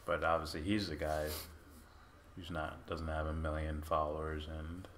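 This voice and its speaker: A man's voice: very deep voice, little pitch movement, moderate pace, a bit bright, a little hiss or hum. A man co-hosting a podcast in casual comedic chat, sarcastic and mocking, laughing often. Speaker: podcast co-host.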